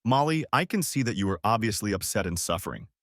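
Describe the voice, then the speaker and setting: A man's voice: fairly low pitch, big pitch swings, fast, a bit bright, no echo, clean studio sound. A man voicing a grieving father who has just learned of a betrayal, pained and urgent. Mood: concerned.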